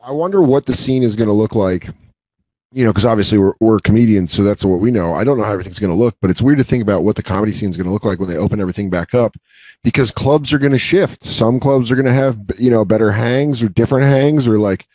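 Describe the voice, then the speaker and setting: A man on a comedy talk show, riffing quick jokes and bits. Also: on the low side, dark tone, no echo. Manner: joking, quick riffs and bits. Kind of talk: casual comedy podcast chat.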